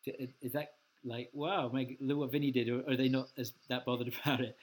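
A man hosts a podcast conversation in a relaxed, easygoing voice. He pauses often and hedges his questions with fillers before he gets to the point. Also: mid-range voice. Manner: relaxed, hesitant, fills with "um" and "sort of". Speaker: podcast host. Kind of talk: casual interview chat.

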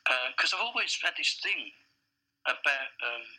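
A man in a casual interview, a blunt and animated storyteller who swears freely. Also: on the high side, measured pace, gravelly, slightly rough, low-quality recording. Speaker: advertising director, guest.

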